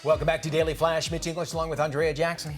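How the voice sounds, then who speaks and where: A man's voice: a little high, flat delivery, quick pace, over loud music. A man co-hosting a daytime entertainment show, bantering casually and signing off. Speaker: talk show co-host.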